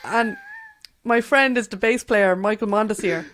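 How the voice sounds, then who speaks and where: A woman's voice: mid-range voice, normal speed, a bit bright. A young Irish woman hosting an interview, chatting cheekily and laughing through her stories. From Ireland. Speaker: interview host. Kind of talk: casual interview chat.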